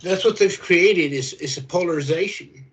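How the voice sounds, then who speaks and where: A man's voice: sits high, moderate pace, poor audio. A man speaking as a guest on a video call, hesitant and repeating words as he starts. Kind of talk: casual conversation.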